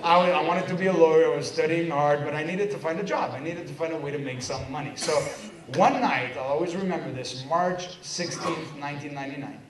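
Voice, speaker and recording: A man in his thirties from Quebec giving a lively motivational seminar talk, joking and poking fun at himself as he tells his story. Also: fairly high pitch, a little fast, crowd noise. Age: 30s. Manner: energetic, joking, self-mocking storyteller. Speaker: business seminar speaker. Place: seminar hall with a live audience. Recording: echoey hall, distant mic, audience.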